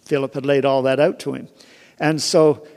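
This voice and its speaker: A man's voice: medium pitch, level tone, moderate pace, vocal fry, darkish tone. A man giving an informal sermon, retelling a Bible story conversationally, with many restarts and asides. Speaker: preacher. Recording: long hall reverb.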